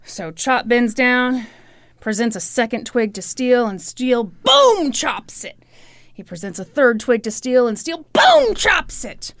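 A woman's voice: a little slow, no echo. Playful woman telling a funny story. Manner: deadpan retelling, quotes others in a low mock-serious voice. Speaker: podcast co-host. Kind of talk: comedic storytelling chat.

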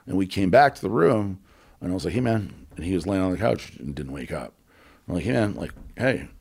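A man candidly telling a personal story as an interview guest, halting, with many fillers and blunt swearing. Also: deep voice, very animated, gravelly, darkish tone, slightly rough.

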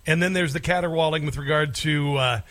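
A man's voice: on the high side, a little fast, a bit bright. A man hosting a political talk show, speaking in a sarcastic, scornful way and cutting in on played clips. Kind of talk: combative commentary over clips.

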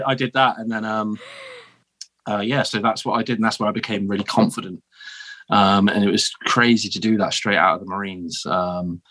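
A British man with a fairly low voice talks as a podcast guest. His storytelling is easygoing and chatty, with frequent "man" and "um" along the way. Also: a bit bright. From United Kingdom. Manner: laid-back, chatty, often says "man" and "um". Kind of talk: casual interview storytelling.

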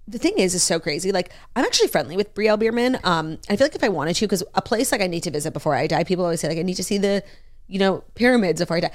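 A young woman co-hosting a casual pop-culture chat, talking fast and animated, with lots of fillers and sarcasm. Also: lowish voice. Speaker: podcast co-host.

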